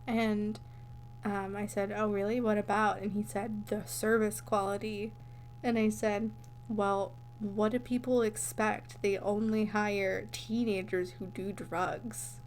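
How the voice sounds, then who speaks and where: Young woman, podcast co-host, slow-paced, giggly, meandering. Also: mid-range voice, flat delivery, slight background noise. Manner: giggly, easily amused, meandering stories. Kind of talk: casual chat.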